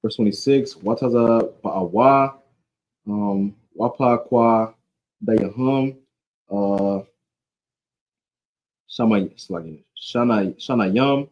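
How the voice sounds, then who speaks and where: A man's voice: lowish voice, drawn-out words, long pauses, a little mellow, dull audio. Slangy man leading a casual Bible study. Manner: conversational, keeps saying "you know what I'm saying"; slangy and joking. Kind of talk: casual scripture teaching.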